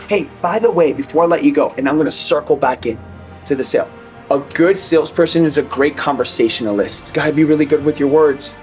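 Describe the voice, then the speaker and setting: A male sales coach talking very fast in a slightly high voice. His delivery is energetic and conversational, and he slips into acted sales dialogues. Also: faint music behind. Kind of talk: motivational sales training.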